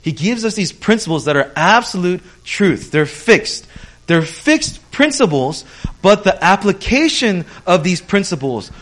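A man's voice: high voice, big pitch swings, measured pace, a bit bright. A man, a pastor, teaching a conversational sermon, explaining step by step and checking in with his listeners. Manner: explains step by step, checks in with "okay?", acts out quoted people.

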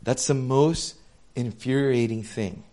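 A young man preaching a sermon in a conversational, animated way, full of casual slang and asides. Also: medium pitch, slow pace. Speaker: pastor.

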